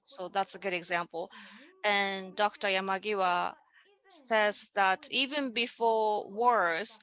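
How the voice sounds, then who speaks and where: A woman presents over a video call, her mid-range voice unhurried and deliberate. She explains each idea step by step and leads her listeners through simple vocal exercises. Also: medium pitch, pushed and bright. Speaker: presenter in a panel dialogue. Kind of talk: online presentation on voice and music.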